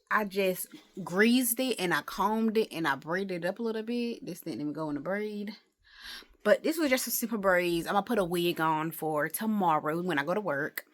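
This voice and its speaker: A woman with a somewhat low voice talks loosely into her phone at home, drifting from one thought to the next. She is casual and rambling, with exasperated asides now and then. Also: expressive, normal speed, fairly bright tone. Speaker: vlogger. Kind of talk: casual day-in-the-life vlog.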